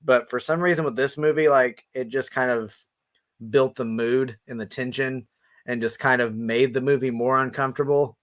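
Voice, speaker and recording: A man's voice: medium pitch, fairly even intonation, normal speed, a bit bright. Regular-voiced guy chatting on a podcast, kinda hesitant, lots of fillers. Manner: hesitant, repeats words, filler-heavy. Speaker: podcast co-host. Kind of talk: casual chat.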